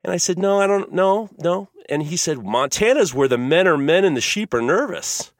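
A lively podcast co-host whose voice leaps up and down as he acts out the people in his story. His voice sits a touch higher than most men's. The sound is dry and close, with no room in it. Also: normal speed, dry recording. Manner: animated storyteller, acts out voices with big pitch swings. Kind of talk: casual podcast chat.

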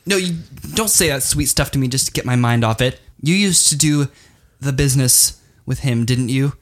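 A nervous, suspicious wife stammers out hurried lines in an improvised role-play, as a man plays her. Her voice sits in a plain everyday male register. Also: medium pitch, close to an everyday voice. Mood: accusing.

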